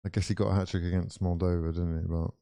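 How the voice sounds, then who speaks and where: A young man with a lowish, mellow voice reacts to a football match as it plays, calling out and chatting straight to his viewers. His tone swings quickly into excitement, and he talks in loose, casual bursts. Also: creaky. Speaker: watch-along streamer. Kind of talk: live football watch-along commentary.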